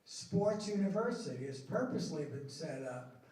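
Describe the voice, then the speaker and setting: A middle-aged man presenting policy at a school board meeting, slow and emphatic, stressing key words. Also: on the high side, expressive, a little mellow. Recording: echoey meeting room from far off.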